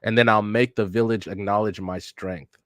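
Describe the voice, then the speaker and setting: A man's voice: on the low side, steady tone, moderate pace, fairly bright tone, dry recording, clean studio sound, lightly acted. A brash ninja boy, as a man reads him aloud. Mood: boastful. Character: brash orphan ninja boy, loud and stubborn. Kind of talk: casual manga read-aloud.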